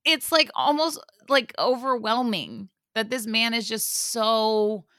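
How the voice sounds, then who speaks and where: A young woman hosting a podcast, telling a story in casual chat, animated, full of fillers and swearing. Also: fairly high pitch, slow, dry recording, studio quality. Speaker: podcast host.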